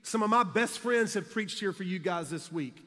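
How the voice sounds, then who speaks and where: Speaking at normal speed, a youth conference speaker from South Carolina, US, delivers a funny storytelling sermon in a high, bright voice. His energy and jokes build toward shouting. The echoey recording comes from a large conference hall.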